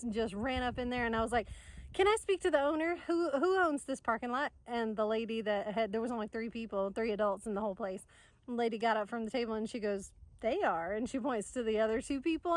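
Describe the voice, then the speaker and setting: A woman, chatty and excitable, telling a story to camera outdoors in the sun and laughing often. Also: fairly high pitch, slight background noise. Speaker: vlogger.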